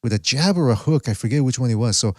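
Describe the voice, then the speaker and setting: A man's voice: medium pitch, animated, quick pace, dry recording, clean studio sound. A man hosting a casual podcast who rambles, loses track of names and restarts his sentences. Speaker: podcast host.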